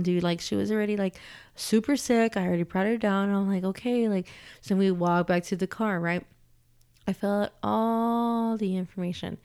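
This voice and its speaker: A young woman telling a story to her vlog audience, swearing often and filling her talk with "like", getting heated as she rants. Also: medium pitch. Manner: animated ranting with frequent swearing and "like". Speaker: vlogger.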